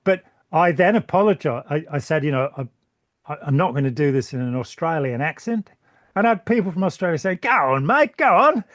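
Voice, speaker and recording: A man's voice: on the high side, lively intonation, brisk, no echo. British man, joking and rambling, dry sound. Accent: British English. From Britain. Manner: rambling, joking, stumbles and repeats words. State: voice tiring. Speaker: channel host. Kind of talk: casual conversation.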